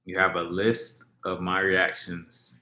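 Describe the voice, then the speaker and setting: A lowish male voice with a bright, forward edge, talking loosely to his live audience. He wanders through thoughts, leaning on fillers and restarting sentences. The sound bounces around a roomy space. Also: monotone, takes it slowly. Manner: rambling, filler-heavy, frequent restarts. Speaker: livestream host reacting to music. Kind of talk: casual livestream chat, reading viewer comments. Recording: roomy echo.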